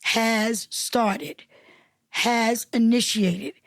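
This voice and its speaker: A woman's voice: fairly high pitch, fairly even intonation, very slow, no room sound, studio quality. A woman from Newark, New Jersey, a councilwoman and reverend, talking emphatically in an interview and repeating phrases the way a preacher does. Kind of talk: conversational interview.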